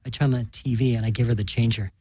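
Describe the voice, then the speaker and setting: A man narrates a story in a flat, wry way, his husky voice dry and close to the mic. His pitch sits in the middle. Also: rapid-fire, no room sound. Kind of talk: audiobook reading.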